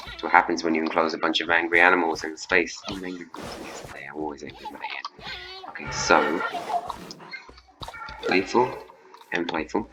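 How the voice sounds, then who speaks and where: A man doing casual gameplay commentary as a let's play host, excitable and chatting to the animals in his game. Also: a bass voice, normal speed, pauses often, background noise.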